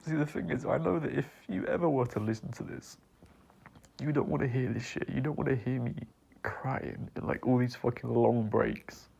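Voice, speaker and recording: Man, crying, husky half-whisper, creaky, very slow, choked pauses. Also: medium pitch, mellow. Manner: halting, choked, with long pauses and sighs. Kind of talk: tearful personal apology monologue.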